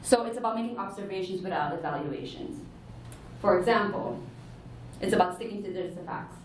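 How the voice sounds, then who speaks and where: A woman's voice: mid-range voice, expressive, brisk, distant mic, a little hiss or hum. A woman giving an earnest, explanatory conference talk to a room, sometimes correcting herself mid-sentence. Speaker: conference speaker. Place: large conference hall. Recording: echoey hall, heard from afar.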